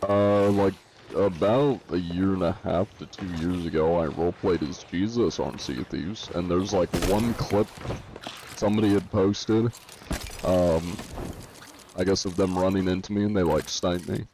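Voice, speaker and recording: A man's voice: deep voice, measured pace, background noise. A man streaming a pirate game live, reading viewer comments aloud and answering them in a joking, laid-back way. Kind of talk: casual live-stream chat while gaming.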